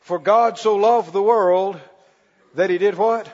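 A man preaching a sermon as pastor, stretching key words slowly and calling for the congregation to respond. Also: high-pitched, a little mellow. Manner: preaching with call-and-response, slow emphatic stretches. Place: church. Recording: muffled recording in a reverberant church hall.

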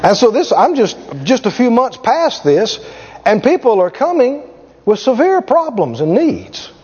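Middle-aged male preacher, folksy and animated storyteller; high, lively voice in a reverberant hall, lo-fi. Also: measured pace, husky. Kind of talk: sermon with storytelling. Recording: echoey hall, dull lo-fi sound.

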